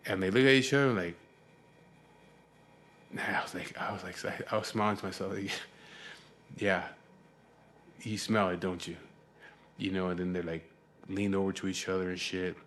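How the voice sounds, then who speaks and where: Profane, rambling man with a lowish voice. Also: fairly even intonation, normal speed, pauses often, a bit bright, a little hiss or hum. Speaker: vlogger telling a story. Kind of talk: casual storytelling rant.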